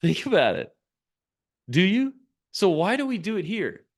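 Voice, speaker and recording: A man's voice: high-pitched, unhurried. A man giving a business coaching talk straight to camera, urging his viewers and firing off rhetorical questions. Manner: animated, urging, asks many rhetorical questions.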